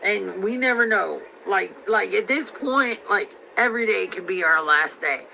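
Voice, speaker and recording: A woman's voice: medium pitch, expressive, moderate pace, creaky, pushed and bright, a little hiss or hum, poor audio. A young woman from Missouri in a heated, profane, rambling rant, stacking up fillers as she vents. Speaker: vlogger.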